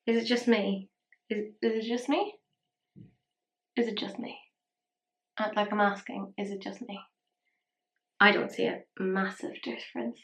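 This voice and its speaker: Woman vlogger, chatty and self-deprecating, mid-pitched voice in a roomy space. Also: steady tone, a little slow, creaky, long pauses. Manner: chatty, self-mocking, rambling asides. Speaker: makeup vlogger. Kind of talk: casual makeup tutorial chat. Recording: roomy echo.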